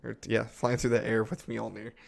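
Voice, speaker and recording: A man co-hosting a casual gaming podcast, telling animated stories and laughing often. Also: on the low side, normal speed, gravelly. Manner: animated storyteller, laughs often, shouts meme quotes. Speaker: podcast co-host.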